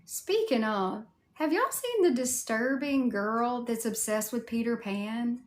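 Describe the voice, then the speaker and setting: A woman's voice: a little high, animated, takes it slowly. A woman with a Southern US accent chatting casually on a livestream, answering viewer comments in a candid way with mild swearing. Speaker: cosplay livestreamer.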